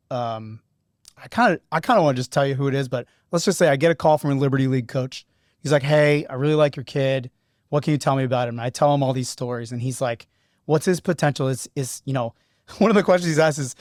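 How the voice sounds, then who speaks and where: A man hosting a podcast who coaches high school lacrosse, telling stories in an animated, earnest way. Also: dry recording, studio quality. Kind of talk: casual podcast storytelling.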